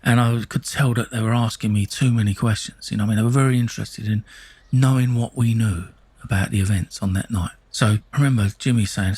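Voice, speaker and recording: Husky and darkish, his lowish voice stays fairly even and runs a little fast on a dry recording. He's a middle-aged Essex man from England narrating his own life in casual, blunt, sweary talk, with many restarts and repeated "you know what I mean".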